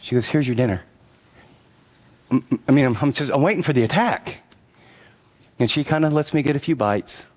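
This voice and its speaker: A man's voice: mid-range voice, brisk, long pauses, darkish tone. A middle-aged man preaching a sermon, telling a personal story and then pressing his points with emphatic, repeated lines and quoted asides. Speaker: pastor. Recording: long hall reverb.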